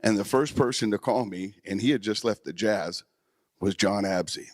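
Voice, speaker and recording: A man's voice: on the low side, normal speed, no room sound, studio quality. A man speaking at a memorial, telling personal stories in an emotional, heartfelt way with occasional fillers. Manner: emotional, warm storytelling with fillers.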